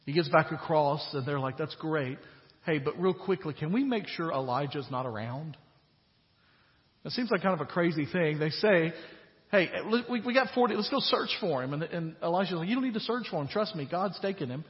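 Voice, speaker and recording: A man's voice: a little high, lively intonation, normal speed. Man preaching in a reverberant hall. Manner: retells scripture in casual paraphrase, rising to emphatic preaching. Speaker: pastor. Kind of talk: sermon. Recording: dull sound with long hall reverb.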